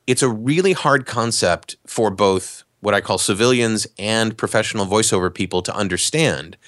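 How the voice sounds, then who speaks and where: A man, an actor and voice talent, explaining in a relaxed, conversational way during a podcast interview. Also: on the low side, moderate pace, no echo, clean studio sound. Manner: relaxed, explanatory, animated asides.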